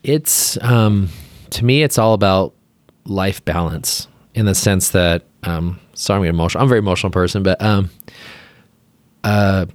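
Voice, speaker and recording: Speaking at a moderate pace in a low voice with no room sound, this Utah-born plastic surgeon guests on a podcast. He chats casually and emotionally, his sentences loose and packed with fillers.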